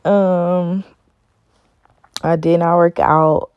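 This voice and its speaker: A woman's voice: fairly low pitch, flat delivery, drawn-out words, no echo, lo-fi sound. A tired woman hosting a casual solo podcast, rambling with many ums and stopping to correct herself. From Los Angeles area. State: tired, yawning. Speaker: podcast host.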